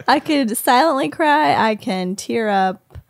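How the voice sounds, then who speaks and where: A woman's voice: high voice, animated, creaky, no room sound. Woman, earnest, casual chat, dry sound. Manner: earnest, rushes when upset.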